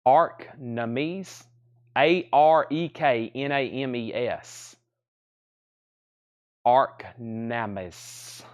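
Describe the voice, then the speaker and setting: A man hosting a live online record sale. He briskly lists titles and prices and repeats them as he goes. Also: mid-range voice. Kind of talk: live online sales stream.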